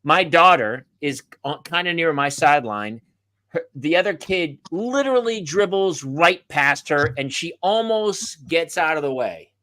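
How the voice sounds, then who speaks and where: A man, a comedian and podcast host, telling a sarcastic story and acting out the shouted quotes. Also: on the high side, lively intonation, measured pace, no echo. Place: live podcast set.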